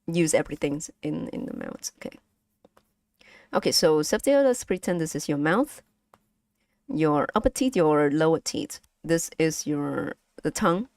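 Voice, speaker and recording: A woman's voice: low voice, a little mellow, dry recording, studio quality. A woman with a Vietnamese accent teaching pronunciation on a casual live stream, patiently repeating sounds for her chat.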